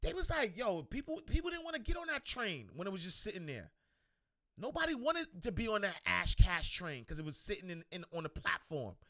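A man hosting a motivational livestream, animated and slangy, repeating himself and shouting out viewers. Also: high-pitched, fairly quick, no room sound, clean studio sound. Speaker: show host.

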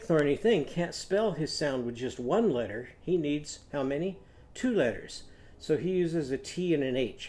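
A man teaching a children's phonics lesson, telling a short story and leading simple songs for young learners to repeat. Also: medium pitch. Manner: animated, coaxing, sings lines for children to echo.

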